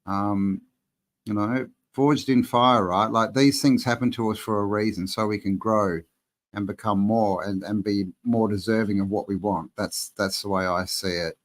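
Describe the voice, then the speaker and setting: A man's voice: on the low side, moderate pace. Laid-back man chatting live. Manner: relaxed, rambling, says man and bro. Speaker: channel host answering live chat. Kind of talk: casual live-stream Q&A.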